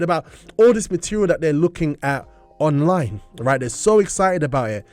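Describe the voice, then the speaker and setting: A man hosting a Christian breakfast show, telling stories in an animated way and acting out the characters' voices. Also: a little high, normal speed, faint music behind. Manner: animated storyteller who acts out voices. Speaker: host.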